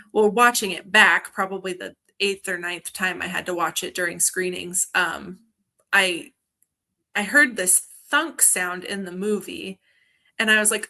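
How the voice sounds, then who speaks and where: A young woman from Montana, a guest on a video-call interview, telling ghost stories in a lively way and laughing often. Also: on the low side, creaky. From Montana, USA. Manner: animated storyteller, laughs often. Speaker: guest, film festival organizer.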